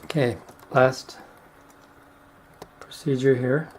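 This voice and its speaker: A middle-aged man giving casual step-by-step how-to narration while demonstrating razor honing, unhurried and plain-spoken. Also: medium pitch, fairly even intonation, a little mellow, slight background noise, low-quality recording. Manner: unhurried, explains step by step with fillers.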